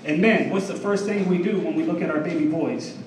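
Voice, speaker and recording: A man's voice: fairly high pitch, a little mellow, a little hiss or hum. Brash stand-up man in echoey room. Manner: brash, crowd-teasing delivery with drawn-out punchlines. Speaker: stand-up comedian. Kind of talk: stand-up set. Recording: echoey room from far off, faint ambience.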